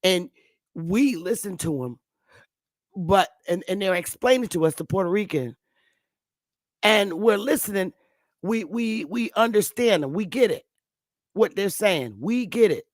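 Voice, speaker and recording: A woman's voice: medium pitch, animated, a little slow, pauses often, no echo. Rambling fifties woman, dry sound. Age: 50s. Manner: rambling, repeats herself, calls listeners sweetheart and love. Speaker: channel host. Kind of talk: casual monologue. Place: Connecticut.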